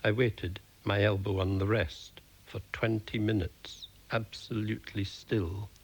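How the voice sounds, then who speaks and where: A man reading his own comic short stories aloud in a dry, deadpan manner. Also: fairly low pitch, a little slow, a little hiss or hum. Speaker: storyteller.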